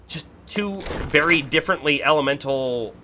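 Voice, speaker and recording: A man's voice: on the high side, expressive, moderate pace, noisy background. A man streaming a video game, rambling casually and correcting himself as he goes. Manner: rambling, self-correcting, laughs often. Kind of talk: casual gameplay commentary.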